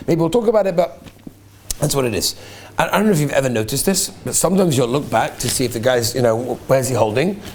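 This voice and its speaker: A male rabbi gives a fast, lively class on prayer. His pitch jumps around as he acts out small scenes and restarts phrases by repeating words, and a faint noise sits under the voice. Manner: animated, acts out little scenes, repeats words when starting over.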